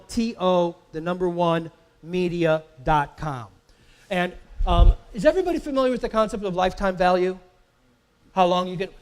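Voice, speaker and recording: Workshop presenter, male, high-pitched, emphatic, keeps quizzing the room with questions. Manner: repeats words and restarts while talking. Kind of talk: live marketing workshop lecture. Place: live event in a company facility.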